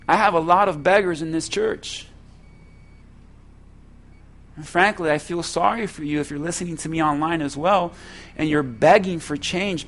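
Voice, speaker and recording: A man preaching a sermon as pastor, slow and emphatic, asking the congregation rhetorical questions. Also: a little high.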